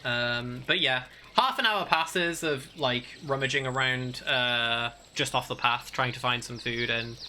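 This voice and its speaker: A man's voice: medium pitch, measured pace, few pauses, pushed and bright, slight background noise. A man narrating a tabletop game as game master, hesitant and full of fillers.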